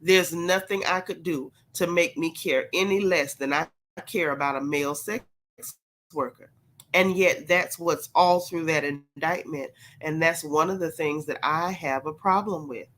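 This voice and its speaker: A woman's voice: low-pitched, unhurried, a bit bright. A woman with a congested, sick voice hosting a gossip livestream, talking straight to her chat and stressing her points by repeating them. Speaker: gossip channel host. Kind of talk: livestream commentary.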